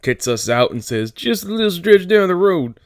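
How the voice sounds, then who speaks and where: A man voicing a small, irritable male ranch hand who scolds in a gruff, exasperated way. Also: mid-range voice, moderate pace, dry recording, clean studio sound, lightly acted. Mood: scolding.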